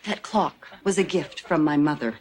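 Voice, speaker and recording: A woman's voice: sits low, animated, moderate pace, heavy background noise. An actress playing an exasperated sitcom mother who scolds indignantly, heard in a TV clip with a laugh track. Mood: scolding. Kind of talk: 1980s sitcom acting.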